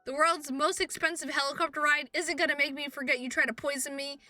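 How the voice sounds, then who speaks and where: A woman streamer reading a visual novel aloud and reacting, expressive, swearing and laughing at herself. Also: sits high, fast talker, dry recording, recorded from a distance, faint music behind. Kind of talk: game playthrough, reading and reacting.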